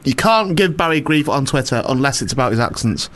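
A man's voice: medium pitch, animated, fairly quick, a bit bright, slight background noise. A man hosting a radio show, bantering casually, teasing his guest, swearing freely and laughing often.

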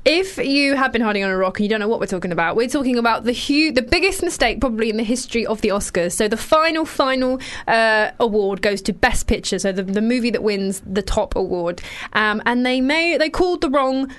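A woman's voice: a little high, animated, a little fast, hardly any pauses, fairly bright tone. Chatty woman radio host. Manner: chatty, giggly, informal. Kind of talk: casual radio chat.

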